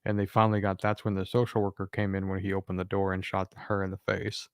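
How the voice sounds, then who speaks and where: A man's voice: low voice, monotone, fast talker, clear, resonant tone, no echo, clean studio sound. A man giving rambling casual commentary on a trial, with lots of fillers. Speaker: co-host.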